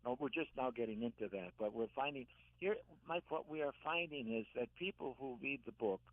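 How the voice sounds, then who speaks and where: An older man, an author and caregiver, telling gentle stories in a radio interview, halting and repeating words as he speaks. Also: medium pitch, dry recording. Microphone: phone. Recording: tinny dry phone line.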